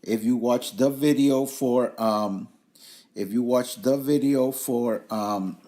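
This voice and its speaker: A man explaining language points as a trainer, relaxed, slowly repeating example phrases with fillers. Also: medium pitch. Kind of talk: instructional explanation.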